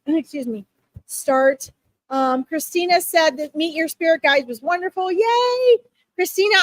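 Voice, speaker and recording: High-voiced chatty woman on a livestream. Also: dry recording. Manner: chatty, reassuring, many okays and ums. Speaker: psychic medium hosting live readings. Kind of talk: casual livestream talk to viewers.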